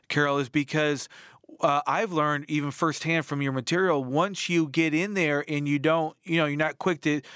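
A man's voice: fairly high pitch, fairly bright tone, clean tone, no echo, studio quality. A man hosting a Christian TV interview, asking questions in an earnest way with frequent fillers. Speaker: TV show host interviewing an author.

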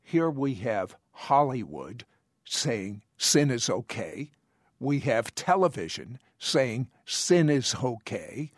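A man hosting an interview, speaking earnestly with halting restarts. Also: mid-range voice, very animated, dry recording, studio quality. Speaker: host. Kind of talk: interview chat.

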